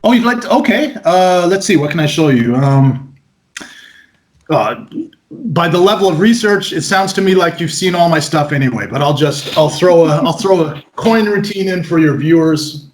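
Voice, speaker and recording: A man being interviewed as a magician, telling stories in a lively way with frequent stammered restarts. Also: fairly high pitch, moderate pace. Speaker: magician guest. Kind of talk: interview conversation.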